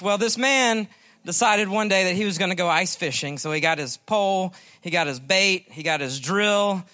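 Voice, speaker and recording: Guy preaching a sermon, kinda high voice, sharp and bright, tells jokes and stories. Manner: folksy, joking storyteller. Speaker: guest preacher.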